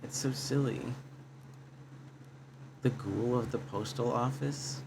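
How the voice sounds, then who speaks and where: A man's voice: mid-range voice, slow, background noise. A man casually streaming a game, thinking aloud and reading chat, often repeating himself. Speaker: livestreamer. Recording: guitar music playing under voice.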